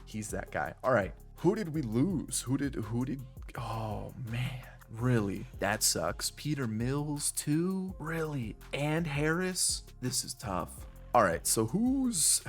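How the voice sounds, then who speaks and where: A congested young man with a stuffy nose, talking through his gameplay in a lowish voice. He thinks aloud, restarts his sentences and weighs each choice, with faint music playing behind him. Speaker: gaming YouTuber. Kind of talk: casual gameplay commentary.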